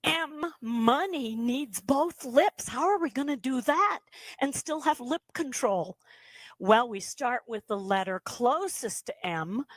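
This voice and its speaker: A woman's voice: on the high side, fairly bright tone, no echo. A woman teaching a beginners' ventriloquism workshop, patiently coaching step by step and demonstrating sounds. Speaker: ventriloquism instructor.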